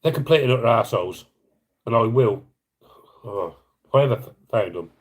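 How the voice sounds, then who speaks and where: A man's voice: mid-range voice, animated, a little fast, husky, rough recording. A middle-aged man on a casual live stream, earnestly and emotionally appealing for donations, rambling and apologising as he reads comments.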